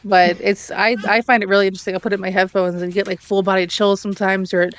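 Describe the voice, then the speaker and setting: A podcast speaker with a soft, soothing way of talking, a little hesitant. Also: mid-range voice, flat delivery, fast talker, clean tone. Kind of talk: casual chat.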